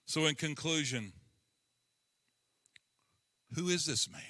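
A middle-aged male pastor preaching a sermon, slow and emphatic, climbing to impassioned peaks. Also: mid-range voice, lively intonation, sharp tone. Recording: long hall reverb.

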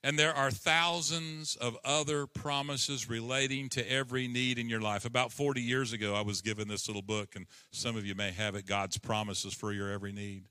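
A middle-aged male pastor preaching a sermon, slow and emphatic, climbing to impassioned peaks. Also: mid-range voice, fairly even intonation, sharp tone, clear, resonant tone. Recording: long hall reverb.

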